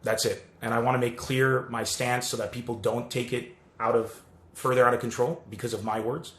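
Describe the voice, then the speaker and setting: A man's voice: mid-range voice, fairly even intonation, normal speed. Earnest apologetic man, roomy echo. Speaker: comedian. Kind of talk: casual apology video to followers.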